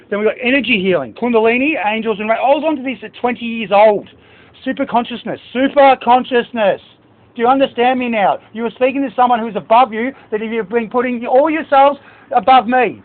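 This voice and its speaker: A man with a very high voice talks in an agitated, rambling way, swearing and listing book titles. The sound is thin and tinny, like a phone line. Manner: reads out list of book titles. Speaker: speaker addressing staff. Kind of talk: agitated monologue.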